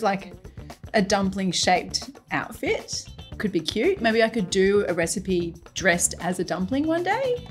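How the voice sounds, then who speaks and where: A middle-aged woman hosting a cooking channel, reading comments aloud in a playful, giggly way with frequent laughter. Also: medium pitch.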